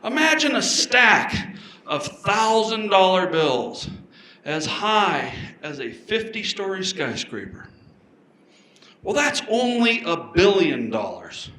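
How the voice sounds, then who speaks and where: A man's voice: high-pitched, very animated, pushed and bright, roomy sound, a little hiss or hum, rough recording. A man doing a stand-up comedy routine, telling stories with punchy delivery and switching his voice for characters. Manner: storytelling with punchy delivery and quick voice changes for characters.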